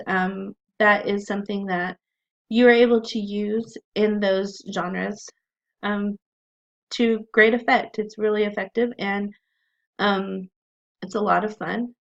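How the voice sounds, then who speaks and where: A woman's voice: mid-range voice, gravelly, fairly bright tone. A woman teaching a recorded writing class, explaining in a friendly way with frequent ums, on a dull lo-fi recording.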